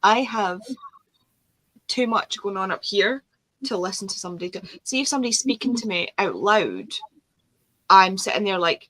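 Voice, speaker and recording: A woman's voice: medium pitch, very animated, moderate pace, pauses often, fairly bright tone, dry recording, rough recording. A woman hosting a casual chat with friends, rambling and ranting animatedly about audiobooks. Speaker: host.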